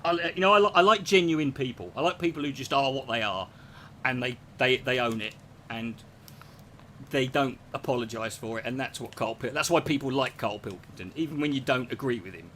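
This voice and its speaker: A man's voice: medium pitch, brisk, sharp tone, slight background noise. A man, ranting casually to his chat, sweary and sarcastic. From England. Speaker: streamer answering chat. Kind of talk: casual profane rant.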